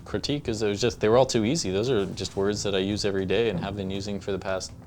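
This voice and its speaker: A man's voice: on the low side, fairly even intonation, quick pace, a little mellow, slight background noise. A man chatting casually as a guest on a podcast, guessing words with jokey replies. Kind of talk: casual chat.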